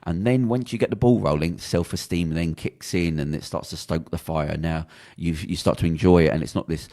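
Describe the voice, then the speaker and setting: Gravelly, fast-talking British man. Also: sits low, warm tone. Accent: British English. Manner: blunt, sweary, rambling. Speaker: podcast host. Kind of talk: casual podcast chat.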